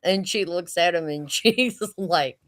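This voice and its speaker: A woman in her sixties telling family stories casually, chatty and animated, often laughing as she goes. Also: on the low side, a little slow. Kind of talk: casual storytelling.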